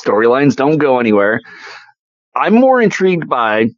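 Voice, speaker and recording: A man's voice: medium pitch, normal speed, no echo. A man co-hosting a casual movie review podcast, exasperated and swearing, acting out characters as he retells scenes. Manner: exasperated, animated, swears, acts out characters mid-story. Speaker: podcast co-host. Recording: dull lo-fi dry sound.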